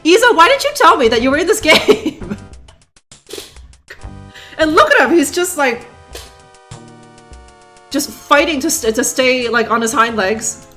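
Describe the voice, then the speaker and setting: A woman streamer rambles sarcastically through live commentary on a game, laughing along the way. Her voice is high and bright and swings widely in pitch, with faint game music running behind her. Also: sing-song, measured pace, pauses often.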